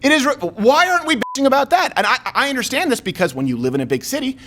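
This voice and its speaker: A man hosts a political talk show in an emphatic, argumentative way, tossing in sarcastic asides. His voice sits high and jumps around a great deal as he makes his points. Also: very animated, fast, background noise. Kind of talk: opinionated political commentary chat.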